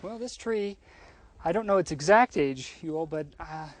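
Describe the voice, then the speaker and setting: A man's voice: fairly high pitch, lively intonation, measured pace. Patient man explaining a mountain forest. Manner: friendly, patient explainer, often agrees. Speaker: local forest guide. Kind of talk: explaining to an interviewer. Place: high mountain forest outdoors.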